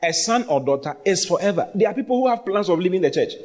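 Lively pastor preaching in a hall. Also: male voice, high-pitched, fast, a little hiss or hum. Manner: animated, teasing, repeats phrases for emphasis. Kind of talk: sermon.

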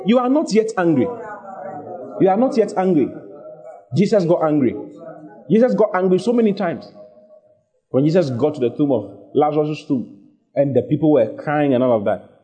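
A man delivers a sermon in a husky, mellow voice pitched a little high. His intonation swoops widely as he drives each point home and repeats key lines for emphasis. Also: animated, moderate pace, pauses often. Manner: emphatic, repeats key phrases, rising to fervent exhortation. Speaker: preacher.

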